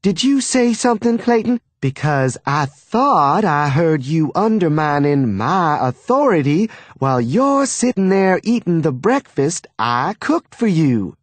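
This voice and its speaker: A man voicing a bossy, gossiping middle-aged mother, in a sharp, domineering manner. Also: low voice, very animated, unhurried, hardly any pauses, dry recording, pitched above the performer's own voice, exaggerated voice. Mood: scolding.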